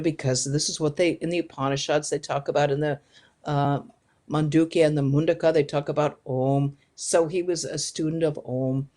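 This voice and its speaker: A woman, a nun giving a storytelling talk, who speaks in a lively way and acts out the voices she quotes. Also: low voice.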